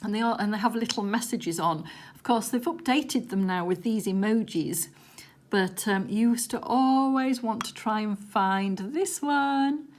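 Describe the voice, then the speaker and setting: A woman chatting casually while she does a craft project at home, rambling along with little hushed asides. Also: fairly high pitch, measured pace. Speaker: crafting vlogger. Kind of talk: casual chat while diamond painting.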